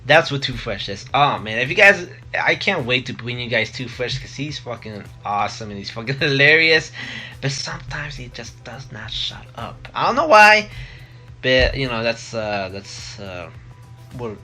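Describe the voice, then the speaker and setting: Rambling young man vlogging, bright tone. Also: medium pitch, sing-song, normal speed, faint music behind. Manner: rambling, many fillers and restarts. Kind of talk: casual vlog talk. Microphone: close desk mic.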